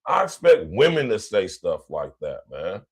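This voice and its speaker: A man's voice: fairly low pitch, huge pitch swings, normal speed, slightly rough. A man hosting a podcast, reacting to clips with blunt, mocking slang-heavy commentary. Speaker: podcast host.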